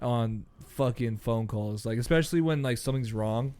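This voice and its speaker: A man's voice: mid-range voice, moderate pace, dark tone. A young man co-hosting a podcast in loose, profane casual chat, acting out angry callers. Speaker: podcast co-host.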